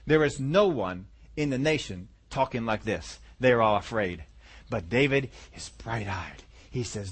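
A man teaching a Bible lesson in a lively way, acting out the characters and dropping to soft asides. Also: mid-range voice, measured pace, slightly rough.

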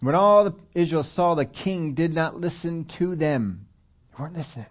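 Man, sermon, conversational preaching, emphatic, raised pitch, dull lo-fi sound. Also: animated, moderate pace. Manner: conversational preaching, rising loud and emphatic at climaxes. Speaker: pastor.

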